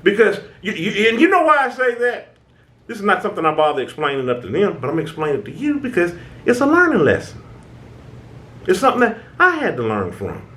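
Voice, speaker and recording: Animated high-voiced man giving advice. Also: brisk, slight background noise. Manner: animated, preachy, conversational with repeated "right?"; informal American speech, stammering restarts. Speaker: channel host. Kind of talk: self-help talk to camera.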